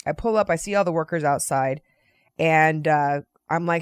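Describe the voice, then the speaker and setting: A woman vlogger telling a casual anecdote in an animated, chatty way, often checking in with "right?" and "you know.". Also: low-pitched, normal speed, smooth, no echo, studio quality. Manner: playfully profane.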